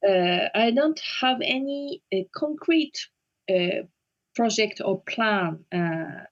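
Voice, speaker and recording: A woman whose first language is Japanese, speaking slowly and hesitantly with many fillers as an interview guest. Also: medium pitch, lo-fi sound. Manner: slow and hesitant, frequent fillers and restarts. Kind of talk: casual interview conversation.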